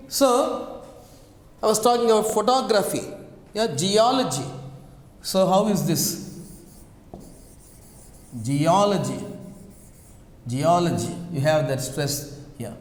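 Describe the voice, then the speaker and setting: High-voiced guy teaching, says every word over and over, big echoey hall. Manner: slow, repetitive, drills words aloud. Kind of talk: classroom lecture on word stress. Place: classroom. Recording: echoey classroom with long reverb.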